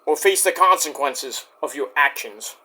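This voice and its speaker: A man recapping a wrestling show in a casual, excitable rant, swearing often. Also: fairly high pitch, moderate pace, breathy edge. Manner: excitable, profane, storytelling rant.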